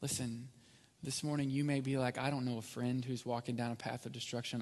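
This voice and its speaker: A man preaching a sermon as pastor, rising to loud peaks and dropping to near whisper. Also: mid-range voice, little pitch movement, fairly quick. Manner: builds from quiet to loud, then drops to near whisper. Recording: long hall reverb.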